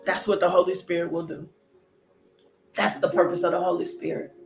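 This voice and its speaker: Woman, sermon with testimony, animated, roomy echo, music behind. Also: on the low side, a little fast, gravelly. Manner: animated, shouting "woo", laughing. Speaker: preacher. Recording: echoey room with music behind.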